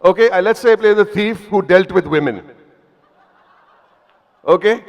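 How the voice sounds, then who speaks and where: A man's voice: high voice, moderate pace. Indian man telling stories in a hall. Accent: Indian English. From Mumbai, India. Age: 50s. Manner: playful, self-deprecating, chatty. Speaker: actor speaking at an evening event. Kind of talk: humorous storytelling to a live audience. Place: event hall before an audience. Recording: long reverb of a live event hall.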